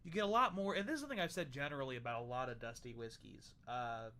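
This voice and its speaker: A man's voice: medium pitch, fast, pushed and bright. Playful man hosting a tasting stream. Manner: loose and joking, tasting bourbon on stream. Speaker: livestream host. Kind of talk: casual tasting chat.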